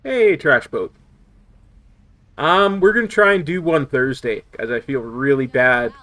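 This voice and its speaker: A man's voice: medium pitch, animated, unhurried, a bit bright. A man streaming a game, chatting casually with viewers, with a slight lisp from a sore tongue. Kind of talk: casual live-stream chat.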